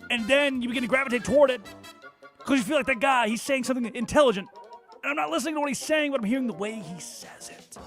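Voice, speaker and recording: A man hosting a sports talk show, ranting in a mocking tone that swings between loud and soft, fast and slow. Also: very high-pitched, faint music behind. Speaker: sports radio host.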